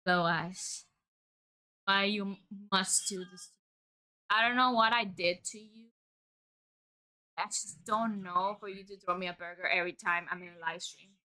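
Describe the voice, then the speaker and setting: Playful bright-voiced woman streamer. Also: mid-range voice, steady tone, unhurried, long pauses, smooth. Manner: playful, teasing, laughs often. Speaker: live streamer. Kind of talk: casual live-stream chat.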